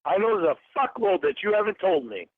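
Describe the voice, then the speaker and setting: A man's voice: high-pitched, big pitch swings, brisk, dry recording. A man in a furious, swearing phone argument, hurling accusations. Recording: tinny phone line.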